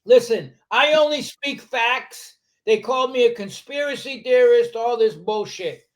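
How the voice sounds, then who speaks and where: A man's voice: very high-pitched, a little slow. An older man from New York City with a New York accent, a podcast guest talking bluntly, profanely and combatively in casual conversation. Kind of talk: casual interview chat.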